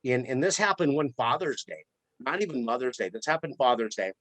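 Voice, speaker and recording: Bright-voiced florist man telling a story. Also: medium pitch, a little fast, no echo. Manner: animated storyteller who repeats words as he goes. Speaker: florist and shop owner. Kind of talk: casual storytelling in a podcast interview.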